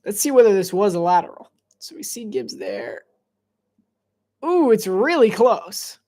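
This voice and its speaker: A congested woman doing casual live play-by-play of a football game, chatty and quick to laugh. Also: mid-range voice, animated, warm tone. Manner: chatty, giggly, easily distracted.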